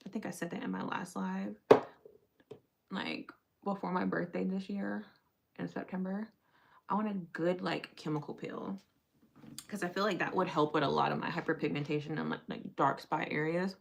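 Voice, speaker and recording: Gravelly, husky young woman chatting. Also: on the low side, steady tone, moderate pace. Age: young adult. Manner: chatty, talks to viewers while doing her makeup. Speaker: livestreamer. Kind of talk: casual livestream chat.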